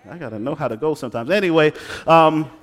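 A pastor preaching a sermon who teases his congregation and swings between hushed asides and loud exclamations. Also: on the high side, fast. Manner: talks straight to the congregation, joking and teasing. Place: church sanctuary. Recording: long hall reverb.

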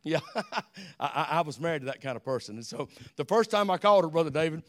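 A man's voice: fairly high pitch, quick pace. An older man with an Alabama accent, preaching a folksy sermon, telling stories and dropping amens. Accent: Southern US, Alabama. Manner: folksy, repeats amen, animated storytelling.

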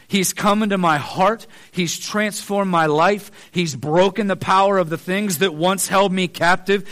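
A man's voice: high voice, a little slow, few pauses, fairly bright tone. A man preaching a sermon, earnest and pleading, building emphasis on repeated phrases.

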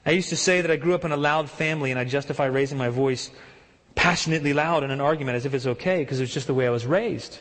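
A man preaching a sermon with emphatic delivery, rising high when he mimics people's excuses. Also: fast talker, a bit bright. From partly German heritage. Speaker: pastor. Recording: long hall reverb.

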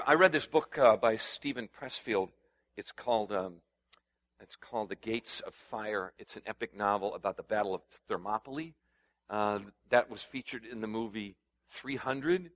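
A man preaching a sermon to his congregation in a conversational way that turns louder and higher as he gets stirred up, asking them to respond. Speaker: pastor.

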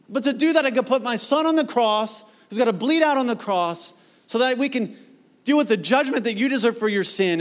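Male pastor, 30s, high-pitched; casual, animated sermon delivery with slangy asides.

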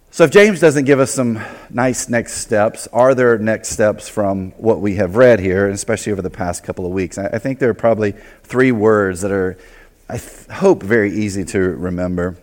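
A man preaching a sermon as pastor, in a loose, conversational way, acting out quick asides. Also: fairly low pitch, big-room sound. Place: church sanctuary.

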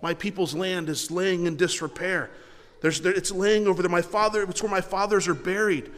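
A man's voice: sits high, fairly even intonation, normal speed, fairly bright tone. A man voicing a grieving, earnest Jewish cupbearer in a retold scripture story, speaking in a pleading, heartfelt way, with a long hall reverb. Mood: sorrowful.

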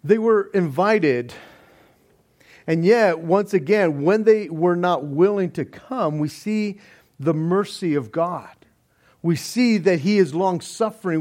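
Guy preaching a sermon, high voice, takes his time, chuckles here and there. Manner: slow, deliberate preaching with soft laughs. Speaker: pastor.

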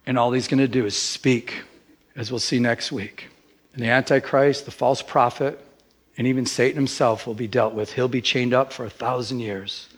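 A middle-aged man, a pastor, preaching a sermon with lively emphasis that rises in pitch. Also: normal speed.

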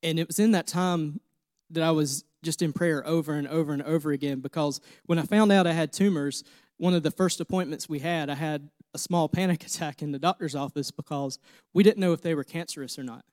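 A man's voice: on the high side, brisk, darkish tone, no room sound, clean studio sound. A man in his thirties preaching a sermon, earnest and personal, repeating phrases as he tells his own story. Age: 30s. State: emotional, near tears. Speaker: pastor.

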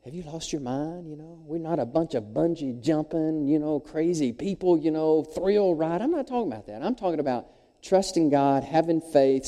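A man, preaching a sermon in a folksy, animated storytelling way. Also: medium pitch, big-room sound. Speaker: pastor. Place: church sanctuary.

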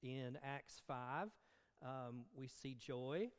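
Male pastor, sermon, earnest, smooth resonant voice, long hall reverb. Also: mid-range voice, very slow. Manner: earnest preaching with filler ums and self-corrections.

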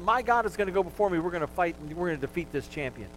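A man's voice: high-pitched, animated, very fast, slight background noise, rough recording. A man voicing a brave teenage shepherd boy who is eager to fight, speaking in an insistent, fired-up way. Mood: defiant.

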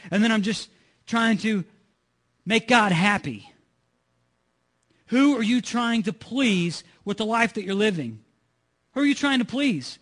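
A man's voice: sits high, fairly bright tone. A man preaching a sermon as pastor, earnest and repetitive, asking his listeners rhetorical questions.

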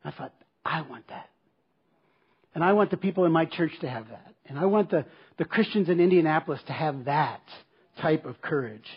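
A man's voice: on the high side, animated, fairly quick, breathy edge, muffled recording. A man preaching a sermon as pastor, telling a personal story in an earnest, emphatic way and returning to a repeated refrain. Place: church service.

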